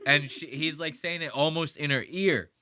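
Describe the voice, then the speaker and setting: A man hosting a podcast, reacting to a clip in profane, animated casual commentary and slipping into voices. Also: fairly high pitch, normal speed, clean tone. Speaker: podcast host.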